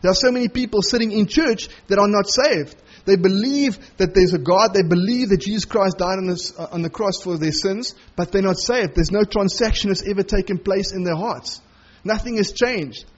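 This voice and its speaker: A man's voice: high voice, husky, dull audio. A man preaching a sermon through a Bible passage, acting out the quoted lines as he goes.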